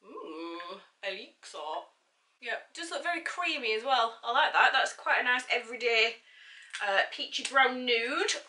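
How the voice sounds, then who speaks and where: Woman, beauty vlogger, chatty, self-mocking, bright tone, a bit off-mic. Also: on the high side, animated, unhurried, echoey room, far from the mic. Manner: chatty, bubbly, self-mocking, reads product blurbs aloud. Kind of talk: casual unboxing chat.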